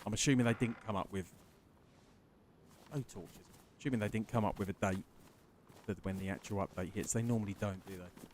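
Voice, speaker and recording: A man's voice: lowish voice, brisk, long pauses, darkish tone, a little hiss or hum. A man streaming a survival game, chatting casually with viewers, greeting them by name and swearing freely. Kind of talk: casual live-stream chat while gaming.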